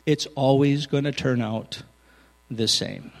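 A man preaching a sermon as pastor, earnest, moving from loud emphasis to hushed, intimate lines. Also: mid-range voice, fairly even intonation, slow pace, in a large hall.

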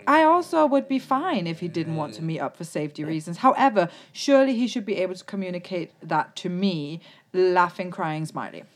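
A woman's voice: on the low side, big pitch swings, brisk, few pauses. A woman co-hosting a podcast, chatting loosely and giggling as she reads listener letters aloud. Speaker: podcast co-host. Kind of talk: casual chat.

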